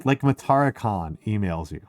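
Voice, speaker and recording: A man chatting casually on a stream, excitable and swearing, full of filler words. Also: on the low side, normal speed, faint music behind. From United States. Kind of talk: casual chat.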